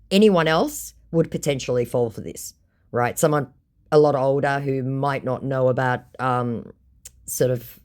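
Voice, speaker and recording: A woman casually telling viewers about her exchanges with scammers in a sarcastic, animated way. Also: rumbling low. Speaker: scam-baiting content creator.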